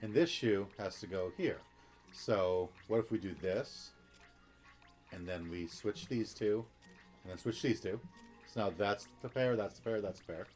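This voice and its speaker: A man's voice: on the low side, a little slow, a little mellow, faint music behind. A man casually commenting on a video game, reading the text aloud and talking himself through puzzles. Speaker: let's play gamer.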